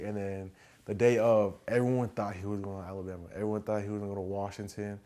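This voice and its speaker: Guy with a mellow low voice, kinda amused, telling a story. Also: flat delivery, quick pace. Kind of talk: documentary interview.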